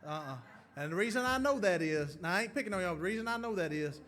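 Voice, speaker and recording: A man with a Mississippi Southern accent and a voice pitched a touch high. He is a bluegrass bandleader bantering between tunes in a museum hall. He drawls his folksy yarns and chuckles at his own jokes. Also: lively intonation, fast talker, fairly bright tone, soft background music. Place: museum lecture hall with a live audience.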